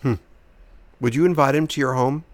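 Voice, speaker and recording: A man co-hosting a casual movie-review podcast, talking in an animated way and often repeating himself for emphasis. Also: mid-range voice, moderate pace, no room sound. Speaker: podcast co-host.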